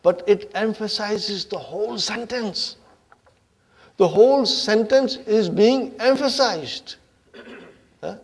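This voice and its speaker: A man teaching an Arabic grammar class, animated and playful, acting out grammar words as characters and often checking in with his students. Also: high-pitched, takes it slowly, long pauses, slightly rough. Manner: animated, checks in with the class with frequent "Huh?" and "Are you with me?".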